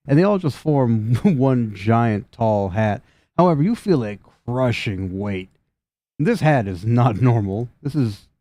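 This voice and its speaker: A man's voice: mid-range voice, mellow, dry recording. A man narrating a tabletop game as game master, playful and laughing as he talks.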